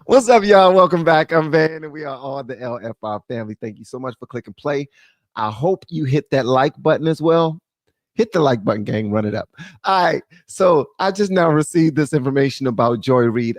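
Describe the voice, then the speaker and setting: An American man hosting a live stream, giving animated, jokey commentary and laughing often. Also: mid-range voice, normal speed, no room sound.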